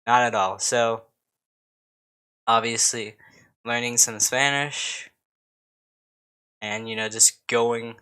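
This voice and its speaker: A man's voice: mid-range voice, fairly even intonation, takes it slowly, long pauses, bright, forceful tone, clean tone. A man from the United States rambling casually to camera as a YouTuber, swearing often and poking fun at himself. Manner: rambling, swearing and self-mocking. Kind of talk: casual vlog chat.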